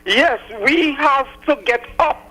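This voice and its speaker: A man's voice: very high-pitched, slow, bright, forceful tone, low-quality recording. A man with a Trinidad and Tobago accent from Tobago, calling in to a talk radio show and ranting fiercely, repeating his points. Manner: fiery, repetitive ranting. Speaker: radio caller.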